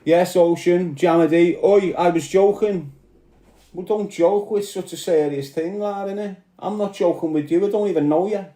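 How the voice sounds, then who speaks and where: A Scouse man rants and swears on a live stream, answering his commenters in a confrontational way. His voice sits a little high and mellow, and the room around him sounds echoey. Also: normal speed, hardly any pauses. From Liverpool. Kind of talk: ranting live chat.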